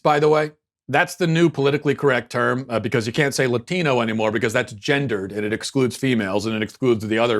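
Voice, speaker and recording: A man hosting a political commentary show, talking casually in a sarcastic, mocking way with frequent restarts. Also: medium pitch.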